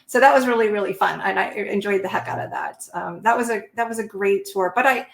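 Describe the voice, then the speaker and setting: A middle-aged woman, a Navy veteran, telling stories in an interview in an animated way and laughing between them. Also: mid-range voice, a little fast, creaky. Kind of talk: conversational interview storytelling. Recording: roomy echo.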